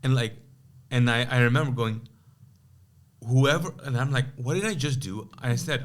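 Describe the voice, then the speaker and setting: A pastor from Kuwait, appearing as a podcast guest, tells his personal testimony in a mid-range voice at normal speed. He's animated, acting out both sides of an old conversation with many asides.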